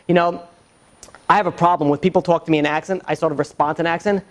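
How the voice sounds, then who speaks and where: Halting, chatty male rabbi lecturing. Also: a little high, fairly even intonation. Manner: halting, peppered with "you know" and restarts. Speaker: rabbi teaching a class. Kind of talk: informal lecture with humorous asides.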